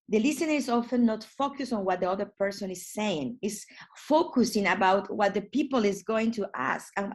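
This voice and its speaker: A woman's voice: medium pitch, gravelly, a little mellow. A woman trainer giving an online lesson, explaining step by step with frequent restarts. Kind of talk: webinar lesson.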